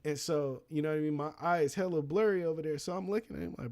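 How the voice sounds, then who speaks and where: A man's voice: quick pace, hardly any pauses, darkish tone. Slangy, profane man telling a story. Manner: slangy and profane, acts out quoted people in a higher voice. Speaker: beat producer streaming his sessions. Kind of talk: casual storytelling on a livestream.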